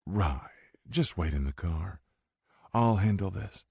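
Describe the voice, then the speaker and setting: A man's voice: low voice, animated, takes it slowly, gravelly, darkish tone, breathy edge, dry recording, studio quality, pitched above the performer's own voice, exaggerated voice. A man voicing a bold, scheming woman who talks in a smug, mocking way, reading an audiobook. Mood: curt. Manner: mocking, taunting.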